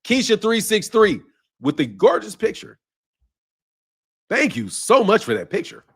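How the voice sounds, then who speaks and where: At a measured pace, a man whose high voice is creaky with a breathy edge hosts a boxing live stream and reads the chat aloud. His delivery is animated and rambling, full of laughter and free swearing.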